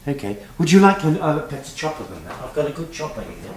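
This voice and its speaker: A man's voice: on the high side, sing-song, fast. A man playing the cook's cheeky, posh sister in a comic cooking show, camp and teasing, calling everyone "darling". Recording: roomy distant kitchen recording, faint noise.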